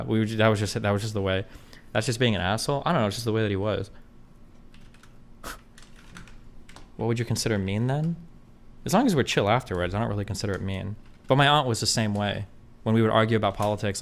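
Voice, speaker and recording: A man's voice: on the low side, fast, vocal fry, pauses often. A man chatting casually with viewers, answering their questions in a blunt, profane, rambling way with lots of fillers. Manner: reads viewer questions aloud. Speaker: streamer answering chat questions. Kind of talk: casual chat.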